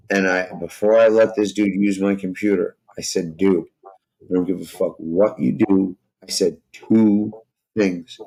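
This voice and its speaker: A man's voice: fairly low pitch, a little mellow, rough recording. A man telling a rambling, profane story in casual chat, full of fillers like "you know" and "like".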